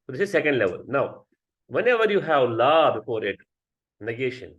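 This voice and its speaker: A man's voice: mid-range voice, very animated, fairly quick, fairly bright tone. A man teaching a grammar class, explaining step by step and often checking with students. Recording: dull lo-fi sound.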